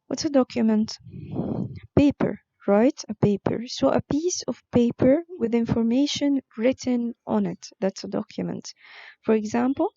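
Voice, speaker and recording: A woman teaching an online vocabulary lesson, explaining words slowly with frequent fillers. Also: fairly high pitch, gravelly, warm tone, dry recording, dull audio. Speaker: English teacher.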